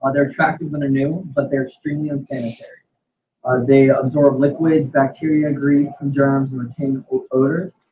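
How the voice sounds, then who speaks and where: A male trainee reading a passage aloud from training notes in a halting way, with fillers. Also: medium pitch, little pitch movement, warm tone, a little hiss or hum. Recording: distant, dull lo-fi recording.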